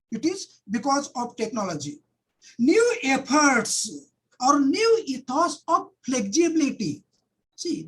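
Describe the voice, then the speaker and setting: A woman's voice: sits high, poor audio. A middle-aged woman giving an academic webinar lecture, often repeating key phrases and starting sentences with "see".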